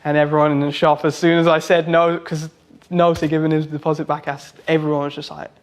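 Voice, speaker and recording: Rambling man, slightly high voice. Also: little pitch movement, fairly quick. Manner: loose and rambling, full of "like" and restarts. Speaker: tattoo artist and singer. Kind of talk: casual anecdote storytelling.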